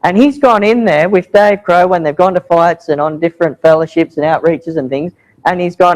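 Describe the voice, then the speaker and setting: A fairly high-voiced man talks to a church about his mission work. He tells it like a casual yarn, slipping into quoted voices as he goes. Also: moderate pace, rough recording. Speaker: missionary speaker. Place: church hall.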